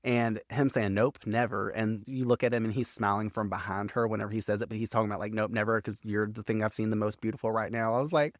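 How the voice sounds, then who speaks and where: A man's voice: lowish voice, fairly even intonation, quick pace, few pauses, no echo, studio quality. A man co-hosting a casual recap chat, laughing often, swearing freely and reading out favorite quotes. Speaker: podcast co-host.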